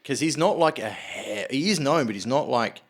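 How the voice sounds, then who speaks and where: A man's voice: mid-range voice, moderate pace. A man with an Australian accent hosting a casual podcast, telling stories loosely, swearing and acting out what people said. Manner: sweary, animated storyteller, acts out quotes. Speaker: podcast host.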